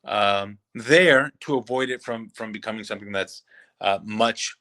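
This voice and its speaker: A man's voice: on the low side, unhurried, sharp tone. A man co-hosting a podcast, talking loosely about films with many fillers and restarts. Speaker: podcast co-host. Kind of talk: casual film review chat.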